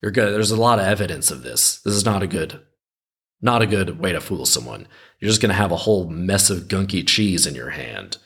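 Guy with a lowish voice reading an old folk tale, keeps stopping to poke fun at the plot, kinda rambly. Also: expressive, brisk, fairly bright tone, husky. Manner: wry, skeptical, rambling asides. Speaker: podcast host reading folk tales. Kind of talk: storytelling with casual commentary.

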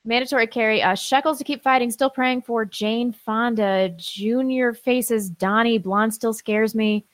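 A woman's voice: on the high side, fairly even intonation, measured pace, no room sound. Dry-sounding woman reading listener messages. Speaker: podcast co-host reading chat messages. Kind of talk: casual call-in show chat.

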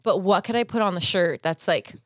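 A woman's voice: on the low side, brisk, no echo, clean studio sound. A young woman in casual chat, giggly and teasing, speaking into a handheld mic. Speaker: gift giver.

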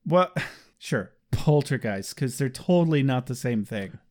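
A man's voice: mid-range voice, expressive, a little slow, a little mellow. A man co-hosting a casual recap chat, joking and laughing often as he acts out quotes. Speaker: podcast co-host.

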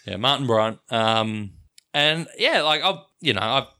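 A man's voice: mid-range voice, lively intonation, a little slow, pushed and bright, clean tone. A man hosting a casual film podcast, chatting animatedly and acting out quoted people. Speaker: podcast host.

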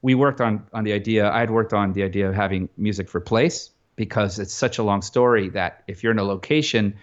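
Composer guest, male, low-pitched, chatty and rambling, slightly dull recording. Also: fairly quick. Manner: rambling, animated, many restarts and fillers. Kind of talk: casual interview talk.

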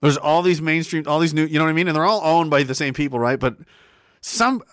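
A man's voice: a little high, fast, a bit bright, no echo, clean studio sound. A man hosting a casual stream, cursing freely, laughing a lot and reading out viewers' messages at home. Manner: crude, swears freely, laughs often. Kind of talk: casual chat. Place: home setup with a webcam.

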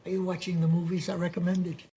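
An older man voicing a cranky elderly screenwriter who brushes off every honor with a gruff, dismissive grumble. His voice is dark and mellow, heard from a film clip with a faint hiss beneath it. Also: high-pitched, monotone, fast talker, close to an everyday voice. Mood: grumbling. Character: grumpy elderly male Hollywood writer.

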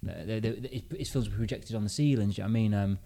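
A man's voice: on the low side, rapid-fire, vocal fry, mellow. A British man, a podcast host, casually telling a story and thinking aloud with restarts. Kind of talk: casual chat.

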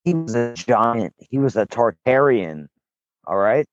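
A man's voice: mid-range voice, big pitch swings, a little slow, muffled recording, soft background music. A man joking and bantering on a casual podcast, throwing in slang. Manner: laughing, hyping banter with slang.

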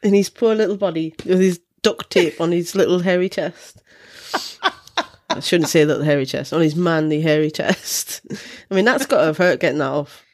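A woman's voice: on the low side, normal speed, darkish tone. A woman co-hosting a podcast, chatting casually and laughing often as she swaps jokes. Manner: giggly, banter-heavy, swears freely. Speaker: podcast co-host. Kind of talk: casual chat.

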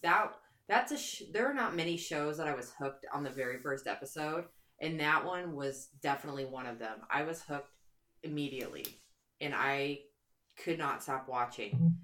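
A woman's voice: low-pitched, expressive, moderate pace, fairly bright tone. A woman co-hosting a casual podcast chat, talking enthusiastically and swearing freely. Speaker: podcast co-host.

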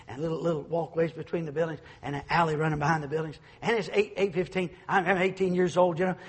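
Male pastor, fervent and slightly higher-pitched, surging then dropping soft, recorded in a reverberant church hall. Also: steady tone, fast talker, husky. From North Carolina, USA. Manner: swings from loud preaching to soft, with stumbling restarts. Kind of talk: fervent sermon.

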